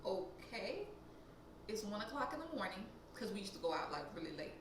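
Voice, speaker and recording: A young woman from Louisiana with a Louisiana accent, telling a profane, animated storytime that jumps high and loud when she gets heated. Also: quick pace, very echoey, far from the mic, noisy background. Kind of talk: casual storytime.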